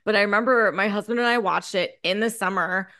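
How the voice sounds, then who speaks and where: Woman rambling about a film, lots of likes, casual chat, middle pitch. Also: a little fast, bright, forceful tone. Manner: chatty, many fillers and restarts. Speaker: podcast co-host.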